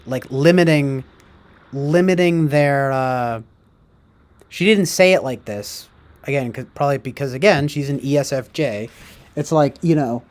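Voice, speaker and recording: A man ranting casually, rambling and profane, with heavy fillers. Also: medium pitch. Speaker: streamer. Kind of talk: casual rant.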